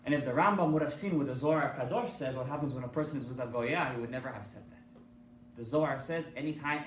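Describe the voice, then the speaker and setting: A man's voice: medium pitch, quick pace. A man, a rabbi, giving a sermon with an emphatic storytelling manner, asking his listeners questions. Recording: echoey hall from far off with faint noise.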